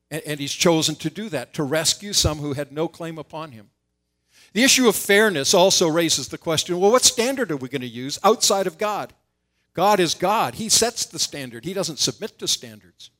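A man's voice: high voice, a bit bright. A man preaching an expository sermon, explaining scripture and voicing quoted lines with rising intensity.

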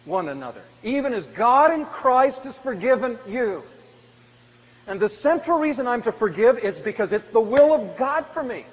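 A man preaching a sermon as a pastor, swinging from loud emphatic lines to hushed, quiet ones. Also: high voice. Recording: dull, lo-fi church recording with long reverb and faint noise.

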